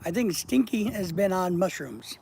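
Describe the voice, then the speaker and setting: Gravelly high-voiced man on a live stream. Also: animated, moderate pace, darkish tone, poor audio. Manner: joking, teasing, blunt and profane. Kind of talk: casual live-stream chat, reading viewer comments. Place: outdoors at night.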